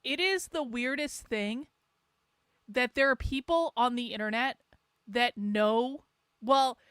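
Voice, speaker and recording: The speaker is a middle-aged woman running a livestream, full of profane, sarcastic rants and laughter as she rambles casually. Her high-pitched voice is smooth and a bit bright. Studio-quality audio, no echo.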